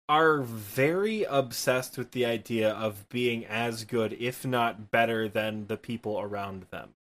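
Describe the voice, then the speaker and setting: A man's voice: medium pitch, a bit bright. A man in his twenties from Michigan with a Midwestern accent, co-hosting a casual gaming podcast from his apartment, rambling and self-deprecating. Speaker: podcast co-host and streamer.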